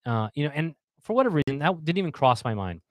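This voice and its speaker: A man's voice: fairly high pitch, fast talker, dry recording. A man in his thirties in casual chat, telling a story with lots of restarts and repeated words. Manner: animated storyteller, repeats words, acts out the yelling fans. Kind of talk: casual chat on a video call.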